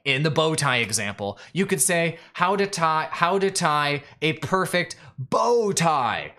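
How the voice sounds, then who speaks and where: A man hosting a live stream, coaching viewers in an emphatic, directive way. He speaks straight to the audience in a slightly higher-pitched voice. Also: fairly bright tone. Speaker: YouTube growth coach. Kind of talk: live-stream teaching monologue.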